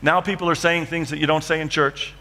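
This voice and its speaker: Man preaching his story dramatically, bright tense voice, big echoing church. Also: fairly high pitch, fairly even intonation, brisk. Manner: dramatic storytelling, acting out scenes. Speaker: guest preacher. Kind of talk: sermon testimony.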